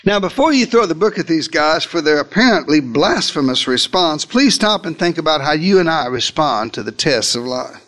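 A man preaches a theatrical sermon in a sing-song voice with a fairly bright tone, moving at normal speed with few pauses. He retells a story in the first person as though he had been there, addressing his listeners directly. His pitch and pace shift dramatically for emphasis.

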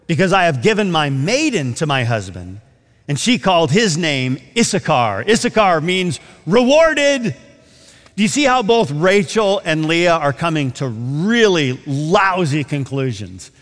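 A high-pitched man preaches with a sweeping, animated voice, jumping into the characters' lines as he reads scripture. His sermon carries a long reverb through a church sanctuary. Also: a little slow. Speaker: pastor.

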